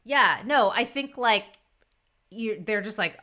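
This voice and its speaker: A woman's voice: a little high, slow pace, sharp tone. A woman in her thirties, a podcast guest, talking casually and getting emotional, laughing often between her words. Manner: chatty with many fillers. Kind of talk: casual conversation.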